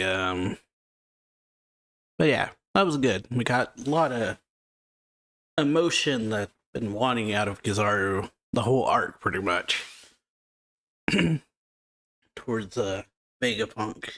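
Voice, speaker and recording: A man's voice: fairly low pitch, unhurried, long pauses, fairly bright tone, no room sound. Casual man recapping a comic, dry sound. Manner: loose, filler-heavy narration with frequent "yeah" and "like". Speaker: manga reaction host. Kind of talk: casual chapter recap read aloud.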